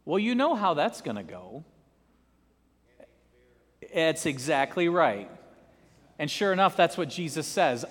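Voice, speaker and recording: A male preacher giving an animated sermon, telling a parable with dramatic emphasis, in a reverberant church. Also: a little high, normal speed, pauses often.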